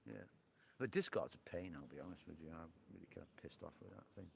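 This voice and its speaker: A man's voice: sits low, fast talker, creaky, background noise. A man hosting a live stream on a porch, chatting casually with viewers, joking and laughing often. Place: outdoor porch.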